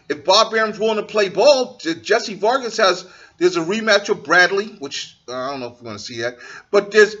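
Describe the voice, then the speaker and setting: A man's voice: high-pitched, a bit bright, dull audio. A man hosting a boxing talk show, giving blunt, profane opinions in a casual monologue and acting out what fighters say.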